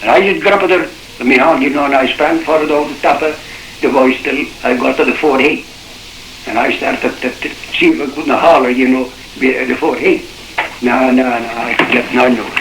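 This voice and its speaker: A man's voice: medium pitch, fairly even intonation, normal speed, background noise. An older man with a Shetland accent recounting his memories in oral-history style, rambling in dialect with many restarts, on a roomy old cassette recording. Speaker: shipwreck survivor.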